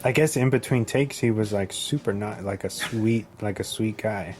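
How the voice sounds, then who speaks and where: A man's voice: on the low side, moderate pace, a little mellow, soft background music. A man co-hosting a podcast, easygoing and profane, chatting about a film. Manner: easygoing, profane, laughs often. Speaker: podcast co-host. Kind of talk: casual film review chat.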